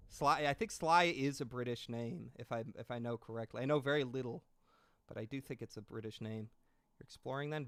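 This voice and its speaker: A man's voice: mid-range voice, a bit bright, dry recording. A man in his late twenties talks casually into a desk mic while he plays a game. He rambles and swears freely, answers chat and pokes fun at himself. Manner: rambling, self-deprecating, swears freely, reads chat aloud. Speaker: streamer. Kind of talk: casual gaming stream chat.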